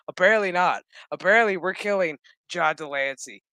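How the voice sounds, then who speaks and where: A high-voiced man speaks a little fast, with no echo on the recording. Recapping a TV episode casually as a show recap host, he rants in exasperation, swears a lot and animatedly acts out what the characters said.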